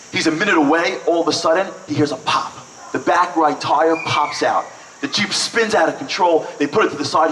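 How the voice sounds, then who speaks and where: At a breakfast event in a hall, a man with a voice on the high side tells a story, animatedly performing the voices of the people in it. The low-quality recording is echoey and distant, with slight background noise.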